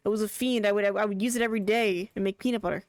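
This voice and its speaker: A woman's voice: medium pitch, fairly even intonation, racing, dry recording. A young woman streaming a game, chatting casually as she plays, rambling and laughing often. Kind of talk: casual live gameplay commentary.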